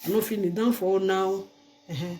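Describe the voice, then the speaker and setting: A woman's voice: mid-range voice, steady tone, a little fast, dark tone. An older woman from Nigeria speaks in a Nigerian Pidgin accent. She talks casually to her viewers, emphatic and pleading, and repeats her points as she goes. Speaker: vlogger. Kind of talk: casual direct-to-camera vlog.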